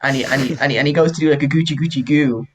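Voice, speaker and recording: Brief: young male co-host, animated swearing storyteller. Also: a little high, racing, a little hiss or hum. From Ireland. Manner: animated, profane, laughing often. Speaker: podcast co-host. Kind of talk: casual storytelling chat.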